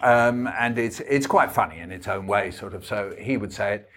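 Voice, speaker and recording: A man's voice: on the low side, normal speed, a bit bright. A man, a guest author telling wry anecdotes at a book talk. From England.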